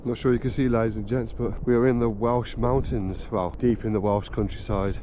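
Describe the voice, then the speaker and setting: A man's voice: mid-range voice, fairly even intonation, fairly quick. A man talking casually to camera, calling his viewers ladies and gents and swearing now and then. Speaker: vlogger exploring abandoned cars. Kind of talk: casual chatty vlog talk to camera. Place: in a car, then outdoors in snowy countryside. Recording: noisy outdoor recording with wind and car noise.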